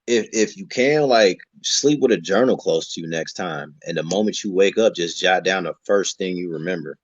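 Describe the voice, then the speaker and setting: A man's voice: deep voice, moderate pace, husky, dry recording. Laid-back man on a dull lo-fi stream. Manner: laid-back, slangy, encouraging. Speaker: podcast host. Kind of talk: casual spiritual chat.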